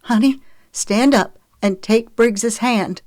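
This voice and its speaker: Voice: medium pitch, very animated, moderate pace, no echo, studio quality, voice pushed up, lightly acted. A narrator voicing a frightened mother pleading for her son, her speech anxious and laced with panic in an audiobook. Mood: panicked. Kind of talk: audiobook character reading.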